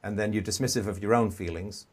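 A man hosting a call-in advice show, earnestly explaining and acting out gentle parent dialogue. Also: on the low side, steady tone, quick pace, slightly rough.

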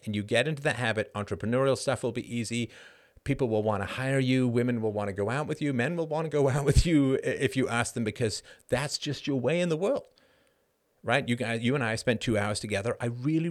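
A middle-aged man hosting a live show, answering chat questions in an animated monologue that keeps tossing in a rhetorical "right?". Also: mid-range voice. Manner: animated, frequent rhetorical "right?", laughs mid-sentence. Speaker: host.

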